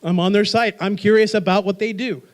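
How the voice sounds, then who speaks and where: A man with a notably high voice presents a workshop to a live audience. He is energetic and playful, and he fires rhetorical questions at the room to keep people involved. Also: brisk.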